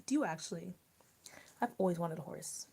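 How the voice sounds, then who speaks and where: A woman's voice: fairly low pitch, fairly quick, vocal fry, dark tone, breathy edge. A young woman from Maryland chatting casually on a livestream, rambling with lots of fillers. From Maryland, USA. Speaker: livestream host.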